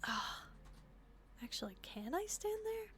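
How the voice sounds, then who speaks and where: Her voice is extremely high and sing-song, slow and a bit bright, with a little hiss or hum in the background. This young woman streamer muses to herself as she plays a game, whispering through the tense, sneaky stretches.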